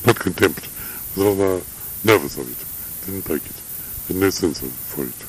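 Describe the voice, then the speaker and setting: An older man in a reflective interview, speaking in a measured, halting way with frequent pauses and fillers. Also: sits low, animated, background noise. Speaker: interviewee, academic.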